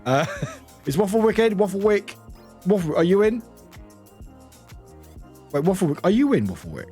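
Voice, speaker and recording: A man with a British accent talks through a live game stream in a high, very animated voice that leaps all over the place. He laughs often, swears freely and bursts into shrill shouts. Soft music plays quietly behind him. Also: moderate pace. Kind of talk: casual live-stream chat while playing.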